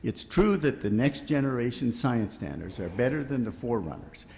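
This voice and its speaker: A man's voice: mid-range voice, expressive, moderate pace, vocal fry, darkish tone, a little hiss or hum. A man speaking on a panel, making his point emphatically and with strong opinions. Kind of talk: panel discussion argument. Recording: reverberant hall.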